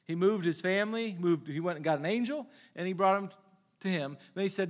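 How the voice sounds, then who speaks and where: A pastor preaching a sermon in a loose, conversational way, asking the congregation rhetorical questions and acting out little quoted exchanges. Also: male voice, a little high, fairly quick. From Minnesota.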